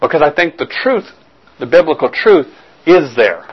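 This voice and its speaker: A man's voice: a little high, animated, normal speed, husky, highs cut off. A man preaching a sermon as a pastor, talking earnestly, repeating words and restarting phrases as he reasons aloud.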